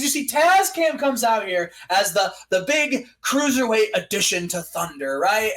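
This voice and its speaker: A man's voice: sits high, a bit bright. A young man hosting a casual let's-play, joking and narrating in a hyped, playful way. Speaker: gaming channel host.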